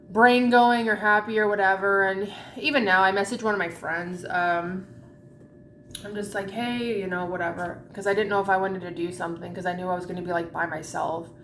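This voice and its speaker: A woman's voice: mid-range voice, fairly bright tone, roomy sound, a little hiss or hum. Rambling, swearing woman vlogger. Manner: rambling, profane, candid. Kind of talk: casual chat while eating.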